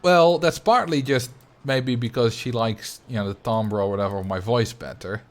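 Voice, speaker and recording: A man with a light Dutch accent talks to his viewers in a relaxed livestream chat. He speaks in an animated, chatty way at a mid-range pitch, filling his pauses with "um" and "you know.". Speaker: streamer.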